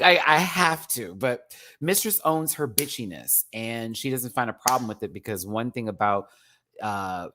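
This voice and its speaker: Campy, profane man ranting. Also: on the low side. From Houston, Texas. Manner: animated, campy and profane, with lots of fillers. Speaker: livestream show host. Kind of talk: casual livestream review rant.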